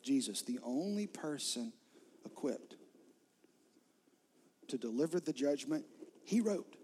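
A man preaching a sermon, retelling a scripture story vividly and swinging from loud emphasis to soft, near-whispered lines. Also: fairly high pitch, lively intonation, takes it slowly, slight background noise. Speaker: pastor.

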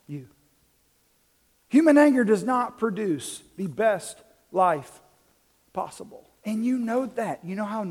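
A man preaching a sermon in a church, conversational, swinging from quiet asides to loud, animated bursts. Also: high voice. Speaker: pastor. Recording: long reverb in a large hall.

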